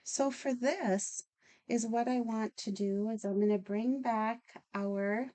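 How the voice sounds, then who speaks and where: A woman's voice: a little high, fairly even intonation, takes it slowly, warm tone. A woman hosting a casual card-making tutorial, chatty and enthusiastic as she works. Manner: chatty, enthusiastic, talks while working. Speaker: craft channel host.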